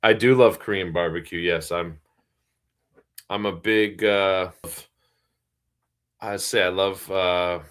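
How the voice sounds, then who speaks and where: A man with a low, deep voice chats casually on a livestream. He rambles along easily, with plenty of ums and you-knows. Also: a bit bright. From Boston area, US. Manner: easygoing, rambling, many fillers. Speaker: livestream co-host.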